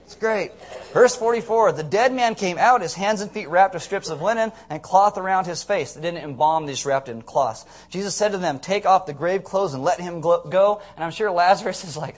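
Animated joking man preaching a sermon. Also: sits high, moderate pace. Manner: animated, joking storyteller with sudden loud shouts. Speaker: pastor.

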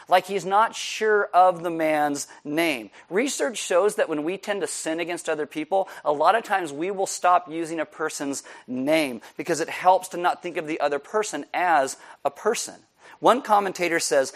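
Pastor with a higher voice. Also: male voice, animated, brisk. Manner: conversational, jokey, dips quiet for emphasis. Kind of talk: sermon.

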